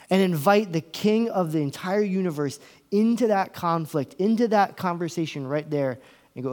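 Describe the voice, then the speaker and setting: A man delivering a sermon in a somewhat high voice. He slows right down and pauses on the words he wants to land. He sometimes acts out inner voices, from hushed whispers to raised exclamations. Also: animated. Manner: dramatic pauses, slows down for emphasis. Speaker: pastor.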